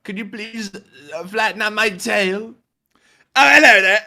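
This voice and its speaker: Man doing a squeaky Cockney marmot. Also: measured pace, pushed and bright, heavily acted. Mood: silly. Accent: put-on Cockney. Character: cheeky high-voiced Cockney male marmot. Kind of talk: comic bit on a livestream.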